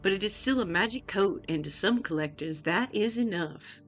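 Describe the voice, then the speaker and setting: A woman's voice: mid-range voice, animated, normal speed, soft background music, close to an everyday voice. Woman putting on a Southern twang reader. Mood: folksy. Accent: Southern US, put on. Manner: exaggerated drawl, reading aloud. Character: folksy Southern woman narrator. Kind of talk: reading aloud in a put-on accent.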